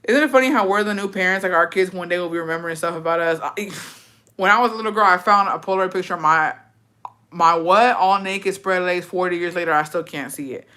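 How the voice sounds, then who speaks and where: Fast and lowish, her voice pushed and bright, a woman tells her own story on a livestream. She reads the chat and fires back blunt, profane replies, peppering her talk with "bitch."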